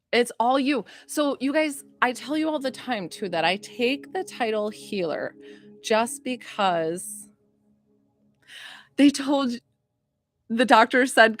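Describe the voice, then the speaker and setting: A woman psychic healer chatting on a livestream, excitable and rambling, swearing now and then. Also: fairly high pitch, takes it slowly. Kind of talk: casual livestream chat with viewers.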